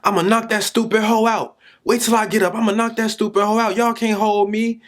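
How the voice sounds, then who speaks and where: A man voicing a furious third-grade boy who yells, curses and sobs. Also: fairly quick, close to an everyday voice. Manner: yelling, high-pitched, sobbing defiance.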